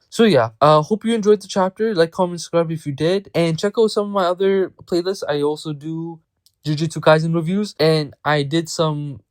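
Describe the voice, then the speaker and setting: A man's voice: a little high, no echo. A young man hosting a manga review channel, talking in a slangy, offhand way that keeps correcting itself. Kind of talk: casual spoken review.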